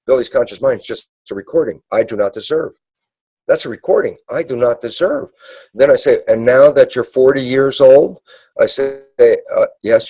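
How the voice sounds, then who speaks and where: A man's voice: mid-range voice, warm tone, slightly rough, no room sound, low-quality recording. A man giving an emphatic talk, acting out little dialogues as he goes. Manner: acts out dialogues in quick asides. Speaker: speaker. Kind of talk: animated lecture.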